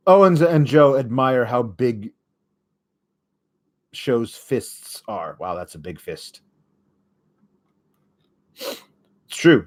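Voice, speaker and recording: A man hosting a casual solo recap show, rambling and sarcastic, with frequent fillers and swearing when annoyed. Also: mid-range voice. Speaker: host.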